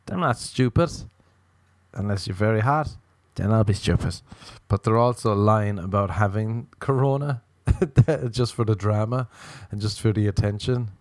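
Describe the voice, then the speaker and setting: On a podcast microphone, a young man delivers a solo comedic rant as host, sardonic, self-mocking and heavy on swearing. His low-leaning, darkish voice moves at a moderate pace, and the recording is dry.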